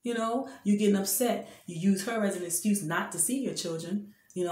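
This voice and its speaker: A woman's voice: mid-range voice, fairly quick, few pauses, darkish tone, echoey room. A woman in her fifties giving an impassioned, preachy talk of faith-based advice, speaking emphatically and directly to men. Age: 50s. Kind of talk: impassioned spoken exhortation.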